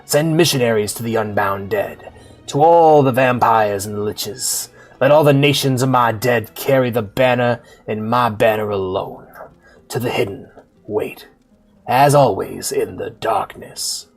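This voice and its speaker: A man's voice: medium pitch, soft background music. A man putting on a drawling necromancer preacher. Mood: menacing. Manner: slow drawling sermon delivery. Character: grandiose male necromancer lord preaching. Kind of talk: mock sermon reading.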